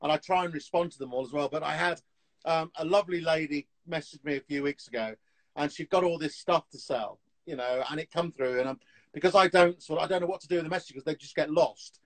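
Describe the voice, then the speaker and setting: Chatty high-voiced man. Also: rough recording. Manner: chatty storyteller, animated, quick laughs. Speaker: TV antiques dealer, guest. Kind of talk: casual chat on a live video call. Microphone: phone on a live video call.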